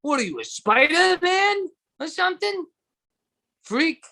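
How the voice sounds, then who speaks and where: A high-pitched, sneering male bully hurls mocking taunts, put on by a man in a casual podcast. The voice stays up in a jeering register and drawls each insult out. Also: big pitch swings, unhurried, vocal fry, pushed and bright, full character voice.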